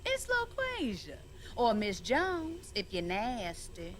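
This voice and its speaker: A woman's voice: on the high side, wildly swooping pitch, slow pace, background noise, heavily acted. A woman voicing a sassy, teasing female ship computer in a sitcom. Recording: sitcom audio with a laugh track.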